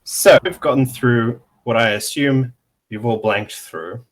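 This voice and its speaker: A man giving a casual online pronunciation lesson, explaining slowly with many pauses and fillers while sharing his screen. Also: mid-range voice. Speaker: language teacher.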